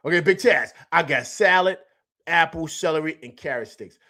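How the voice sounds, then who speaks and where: A man's voice: a little high, moderate pace, pushed and bright. A man hosting a live stream, chatting casually in slang, repeating himself and answering viewers from the chat. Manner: loose slangy talk, repeats himself, reads chat aloud.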